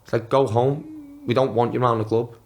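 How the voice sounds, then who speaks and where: A man in his twenties who used to play football swaps casual anecdotes as a podcast guest, cursing freely, talking in restarts, and voicing quotes loudly. He speaks fast at a medium pitch with a level tone, and there's slight background noise.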